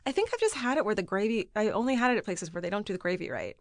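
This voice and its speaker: A blunt young woman trades opinions in a casual podcast chat, swearing without a second thought. Her pitch jumps around a lot, and the sound is dry and close to the mic. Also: very animated, racing, no echo. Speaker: podcast co-host.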